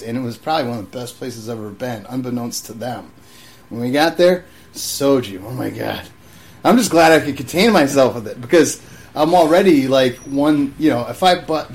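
A man's voice: medium pitch, darkish tone. A young man in casual chat, profane and loose, stumbling over restarts as he tells a story. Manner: loose, profane, restarts often and acts out voices in anecdotes.

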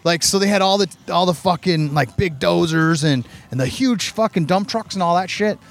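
A man's voice: high voice, normal speed. A man co-hosting a casual chat at a hotel pool, telling rambling, profane service stories. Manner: profane, rambling, animated storyteller. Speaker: podcast co-host, Navy veteran. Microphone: streamed live on a phone or camera.

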